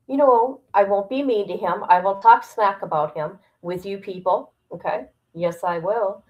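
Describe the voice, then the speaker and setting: A woman's voice: medium pitch, rough recording. Blunt, profane woman venting. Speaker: streamer. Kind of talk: casual livestream chat.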